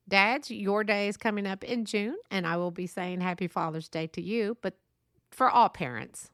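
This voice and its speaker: Middle-aged woman, lowish voice, podcast host storyteller, chatty and digressive, dry close mic. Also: fairly bright tone, no room sound. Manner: chatty, rambling with asides and restarts. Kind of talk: casual storytelling.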